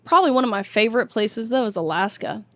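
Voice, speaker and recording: A woman's voice: fairly high pitch, quick pace, no echo. A young woman in her twenties, a guest in a casual interview, speaking in a chatty, emphatic way. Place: tour bus.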